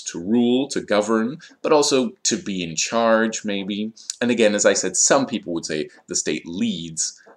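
A man teaching English vocabulary, explaining words carefully with frequent fillers. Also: on the low side. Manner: slow, deliberate explanations with fillers. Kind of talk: vocabulary lesson.

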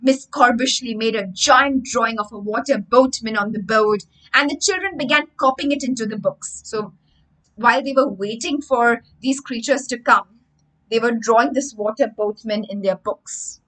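A young woman narrates a children's story on a live stream. Her voice is bright and a little high, and she keeps pausing to restate lines in easier words. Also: poor audio. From India. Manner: explains and rephrases each story line with simpler words. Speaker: storyteller and English teacher.

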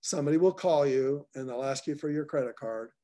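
Host type: man, mellow and slightly high, rambling with restarts over a call line. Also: brisk. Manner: loose and repetitive, restarts phrases. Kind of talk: live group call.

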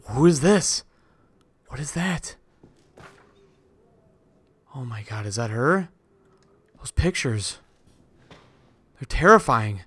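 A man's voice: medium pitch, expressive, takes it slowly, long pauses, a bit bright, a little hiss or hum. A man giving jittery, swearing commentary to himself as he plays a horror game. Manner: jittery, swearing, talks to himself while playing. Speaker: let's play gamer.

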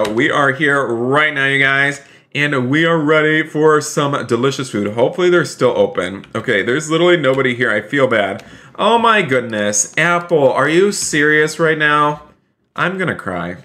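Upbeat guy streaming a roblox roleplay, bright voice, keys clacking behind him. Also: mid-range voice. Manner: upbeat, chatty, addresses chat often. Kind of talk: live game stream commentary.

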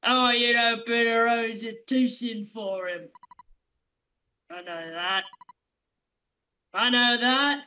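A bumbling police captain barks his orders and fumbles his apologies, put on by a woman. The voice sits a little low and rolls along slowly. The tone stays bright. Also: clear, resonant tone, poor audio. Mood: gruff.

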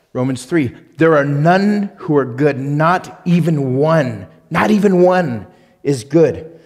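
A male pastor preaching a sermon and reading scripture aloud, emphatic, swinging between loud punched lines and quiet asides. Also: fairly high pitch, big-room sound. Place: church sanctuary.

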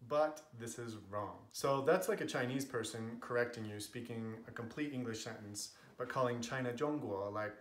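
A man's voice: mid-range voice, normal speed, hardly any pauses, reverberant. A man with an American accent explaining language points in a casual, earnest, chatty way, with many fillers. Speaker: language vlogger.

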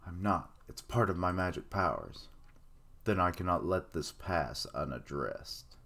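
A man reading out the lines of a stern, menacing armored male lord from an anime, in a calm, flat delivery. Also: low-pitched, a little slow, vocal fry, exaggerated voice.

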